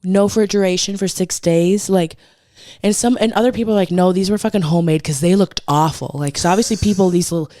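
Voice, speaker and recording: A woman's voice: fairly low pitch, fast talker, dark tone, dry recording, clean studio sound. Chatty gossiping woman podcast host. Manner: chatty gossipy storyteller, swears freely. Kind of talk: casual chat.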